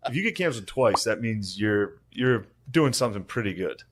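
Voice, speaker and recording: Male podcast co-host, low-voiced, dry crude humor. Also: animated, moderate pace, background noise. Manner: dry, crude, acts out quotes. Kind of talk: casual comedic banter.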